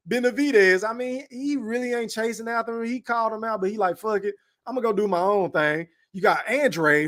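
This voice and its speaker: Male streamer host, high-pitched, relaxed slangy delivery with lots of profanity. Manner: laid-back slang, shouting out chat names, profane. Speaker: podcast host reading live chat. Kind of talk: casual live-stream chat.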